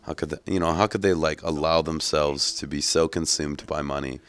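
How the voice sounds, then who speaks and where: A man's voice: a bass voice, fairly even intonation, moderate pace, fairly bright tone, clear, resonant tone. A man hosting a gameplay walkthrough, talking casually with profane jokes. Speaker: gaming channel host. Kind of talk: gameplay commentary.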